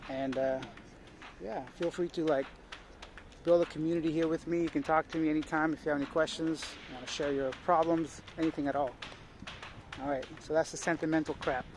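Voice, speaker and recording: A man's voice: on the high side, fairly even intonation, brisk. A young man, chatting casually to viewers as he walks the streets on a handheld camera vlog. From Canada. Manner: chatty, talks straight to viewers and to stray dogs. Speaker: travel vlogger. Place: outdoors on old city streets. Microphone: handheld camera while walking. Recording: outdoor street noise.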